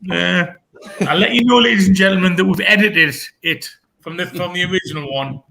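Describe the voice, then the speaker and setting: A man's voice: high voice, creaky, bright, forceful tone. A British man hosting a pun contest, playful and laughing between jokes. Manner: playful, laughing, drawn-out words. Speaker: comedy show host.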